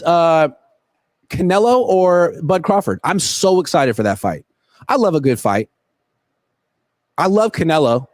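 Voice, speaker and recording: Host, male, fairly high voice, swings up and down a lot, jokey rambling livestream chat. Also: unhurried, long pauses, no room sound. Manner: joking, rambling, animated. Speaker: sports reporter and host. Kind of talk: casual livestream chat answering viewer questions. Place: at a football stadium. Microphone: laptop built-in camera mic.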